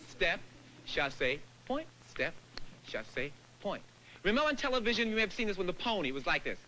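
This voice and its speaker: Man teaching dance on stage, high voice, counts out beats n scats da-da rhythms, super animated. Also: fairly quick, slight background noise, rough recording. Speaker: dance company director. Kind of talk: lecture-demonstration to an audience.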